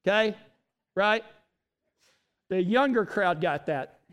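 A pastor with a fairly high voice delivers a sermon that rises to loud, emphatic lines and drops to hushed, slow ones. He mixes in lighthearted joking asides along the way. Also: animated, clean tone.

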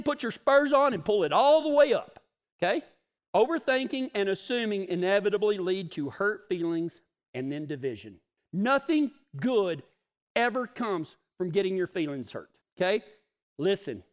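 A man's voice: sits high, in a large hall. A middle-aged man giving a folksy devotional sermon as a cowboy ministry leader, plainspoken and emphatic, repeating his key phrases.

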